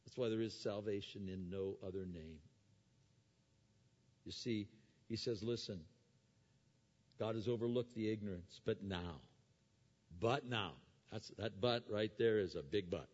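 Man, preacher, sermon, quiet explaining then loud emphatic bursts, rhetorical questions, hall reverb. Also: on the low side, moderate pace, pauses often. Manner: asks the audience rhetorical questions. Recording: dull sound with long hall reverb.

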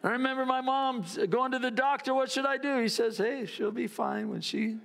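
A man's voice: very high-pitched, steady tone, moderate pace, creaky, a bit bright, long reverb tail. A man preaching a sermon, telling a story and mimicking barking dogs with playful asides. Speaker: pastor.

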